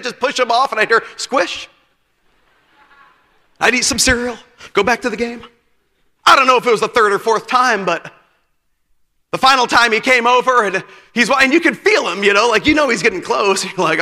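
A man preaching a sermon at a youth conference, telling a personal story with bursts of shouting at the climaxes. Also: extremely high pitch. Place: church auditorium. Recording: long reverb of a church hall.

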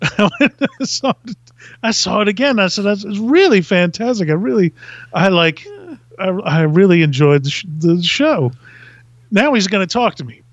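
Comic storyteller, man from Virginia, high voice, laughs a lot, dull dry lo-fi recording. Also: normal speed, dry recording. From Virginia, USA. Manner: animated, laughs through his stories. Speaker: podcast guest.

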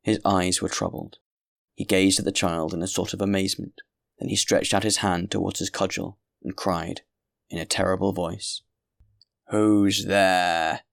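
A man narrating a classic novel in a measured, grave reading voice. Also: low voice, little pitch movement, creaky, a bit bright, no room sound, studio quality. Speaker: audiobook narrator. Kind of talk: scripted narration.

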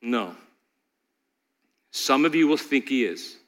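A man's voice: mid-range voice, lively intonation, slow. A man preaching a dramatic sermon, asking the congregation rhetorical questions. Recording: long hall reverb.

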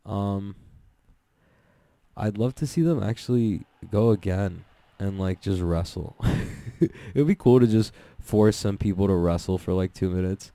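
Rambling, profane young man with gravelly voice. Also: on the low side, a little slow, long pauses, no echo. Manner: rambling, profane, excitable, laughs often. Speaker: podcast host recapping jiu-jitsu events. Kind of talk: casual solo recap.

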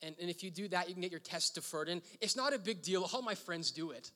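A man voicing a frazzled young woman student, overwhelmed and pleading, in a rushed, high, bright voice. The sound carries a long echo from a large hall. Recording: reverberant hall.

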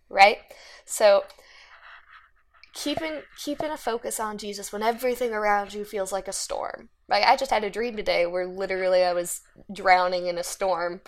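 A woman's voice: medium pitch, fairly even intonation, normal speed. A woman giving an informal Bible talk, rambling and chatty, often checking in with "right?". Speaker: Bible study speaker. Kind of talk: casual Bible teaching.

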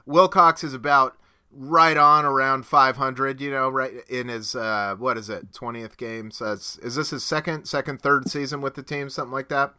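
A man's voice: medium pitch, fairly even intonation, normal speed, pushed and bright, clean tone. A man hosting a casual sports podcast, chatty and joking, laughing often between points. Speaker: podcast co-host. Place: home podcast studio.

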